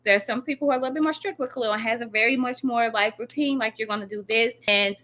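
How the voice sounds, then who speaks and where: A woman's voice: on the high side, fast, a bit bright. A woman guest and educator on a podcast, speaking earnestly about raising children and agreeing emphatically. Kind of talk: casual podcast conversation.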